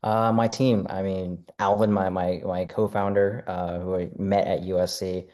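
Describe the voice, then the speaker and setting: Deep-voiced young man, halting speech. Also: little pitch movement, a little mellow. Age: young adult. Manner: halting, many fillers and restarts. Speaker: nonprofit co-founder, panel guest. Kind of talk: casual panel talk.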